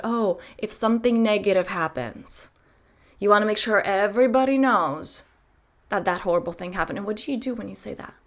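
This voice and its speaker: A woman in her thirties, a self-help coach giving a motivational talk to camera, emphatic and full of rhetorical questions. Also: fairly high pitch.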